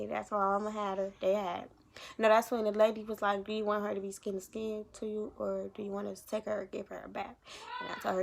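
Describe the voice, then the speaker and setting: Slangy young woman with a creaky voice. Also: mid-range voice, flat delivery, fairly quick. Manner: slangy, rambling, addresses viewers as y'all. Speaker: vlogger. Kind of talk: casual storytelling to camera.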